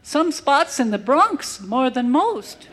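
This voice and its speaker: A woman's voice: high voice, sing-song, slow, a bit bright, voice pushed up, full character voice. A woman voicing a cultured young New York woman tourist with a prim, affected manner. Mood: prim, worldly.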